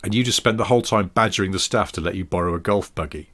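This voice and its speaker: A man with a lowish voice co-hosts a casual podcast. He tells stories in a rambling, chatty way and laughs often. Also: fast talker, fairly bright tone. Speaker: podcast co-host. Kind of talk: casual chat.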